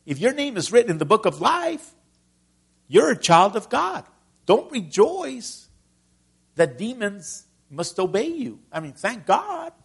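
A man's voice: sits high, big pitch swings, moderate pace, creaky, husky. A middle-aged man from Texas preaching a conversational sermon and asking his listeners questions. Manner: conversational, asks the congregation questions.

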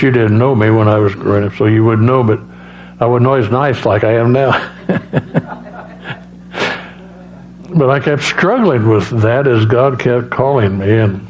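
A man giving a personal testimony as a preacher, halting, with many restarts and fillers. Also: mid-range voice, a little mellow. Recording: dull lo-fi sound with faint hum.

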